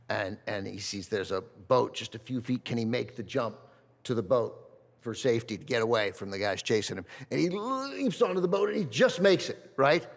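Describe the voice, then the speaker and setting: A man hosting a live podcast interview on stage, asking questions in a relaxed way with frequent fillers. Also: fairly low pitch. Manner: conversational, many "uh" and "yeah" fillers. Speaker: podcast host. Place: on stage at a film festival before an audience. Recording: long hall reverb.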